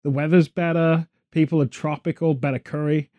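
A man's voice: fairly high pitch, flat delivery, brisk, lo-fi sound. A man hosting a podcast, rambling and joking sarcastically in casual chat. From Britain. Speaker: podcast host.

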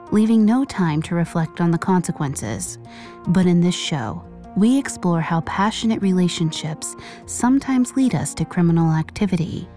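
A woman hosting a podcast, reading a scripted true-crime story in a measured, grave way. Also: lowish voice, a little mellow. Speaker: podcast host and narrator.

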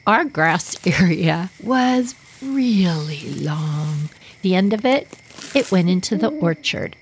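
Woman telling an old family story, super animated and emotional, faint hiss in back. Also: mid-range voice. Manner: animated, emotional, acts out voices. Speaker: podcast host. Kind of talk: storytelling a childhood memory.

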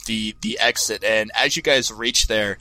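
A man's voice: lowish voice, steady tone, unhurried, bright, forceful tone, no room sound. A man running a tabletop game as game master, narrating with lots of fillers and self-corrections. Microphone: headphones and desk mic.

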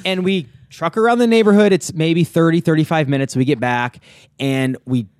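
A man's voice: on the high side, normal speed, dry recording, clean studio sound. A middle-aged man co-hosting a casual chat, telling a story with lots of laughter. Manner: animated storyteller, laughs often. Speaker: co-host.

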